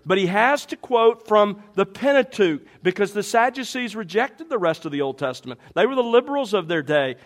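A man's voice: sits high, a bit bright. A man preaching an expository sermon, reading scripture aloud and pressing the congregation with rhetorical questions. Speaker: pastor.

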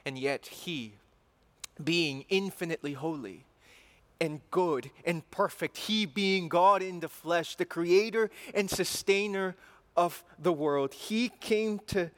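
A man's voice: high voice, slow pace. A man preaching a sermon in an earnest way, repeating phrases and building to emphatic passion.

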